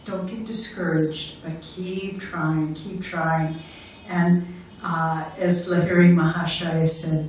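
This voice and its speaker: A woman's voice: fairly low pitch, little pitch movement, slow pace, a little mellow, slight background noise. An older woman who is a spiritual director, giving an earnest talk with stories that encourage her listeners. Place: lecture hall. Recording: very echoey hall, mic far off.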